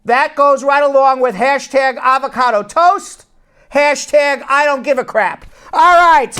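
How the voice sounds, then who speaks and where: A man hosting a call-in show as an immigration lawyer, ranting with animated indignation and then answering callers. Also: extremely high pitch, measured pace, clean tone.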